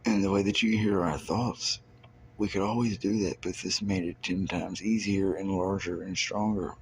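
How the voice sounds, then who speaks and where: Low-voiced man rambling through a monologue. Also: fairly even intonation, normal speed, a little hiss or hum. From Kentucky, US. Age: 30s. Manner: profane, loose rhyming wordplay, jumping between ideas. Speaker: self-recorded monologue speaker. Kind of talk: rambling stream-of-consciousness monologue.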